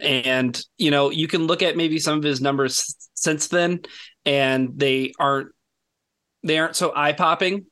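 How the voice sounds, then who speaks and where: A man's voice: medium pitch, a bit bright. A man co-hosting a podcast as an analyst, talking earnestly and thinking aloud with many restarts. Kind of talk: casual podcast chat.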